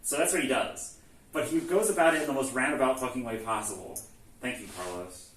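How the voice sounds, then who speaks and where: Recorded in an echoey room at a distance from the mic, with faint ambience and a little hiss or hum, this man speaks fairly quickly in a bright-ish mid-range voice. He's a host recapping a video game series, loosely going through the story, swearing, saying "like" a lot, and performing the lines.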